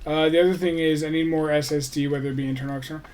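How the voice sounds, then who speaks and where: A man's voice: fairly high pitch, fairly even intonation, very fast, a little mellow. A man chatting casually on his livestream, rambling, restarting sentences and swearing offhandedly.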